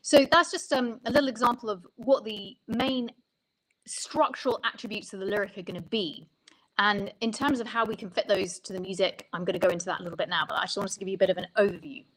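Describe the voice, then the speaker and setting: Woman, songwriting coach, interview guest, thoughtful, explanatory, mid-pitched voice, restarts sentences. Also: fairly even intonation, fast, poor audio.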